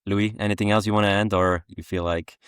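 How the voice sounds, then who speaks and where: A young adult man with a West Flemish accent co-hosting a podcast in casual chat, relaxed and full of ums and uhs. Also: lowish voice, a little fast, clean tone, dry recording, studio quality. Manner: relaxed, many ums and uhs, laughs often. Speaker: podcast co-host.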